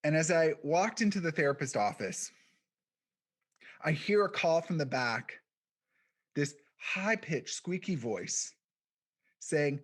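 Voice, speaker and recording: A man giving a keynote, telling a personal story in a quiet, reflective way with deliberate pauses. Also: fairly high pitch, expressive. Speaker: keynote speaker, podcast founder.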